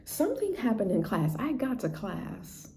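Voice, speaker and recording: A woman's voice: fairly high pitch, huge pitch swings, normal speed, mellow. A woman teacher telling a classroom story in a chatty, casual way, often checking in with "right?" and "you know". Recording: roomy echo, faint background noise.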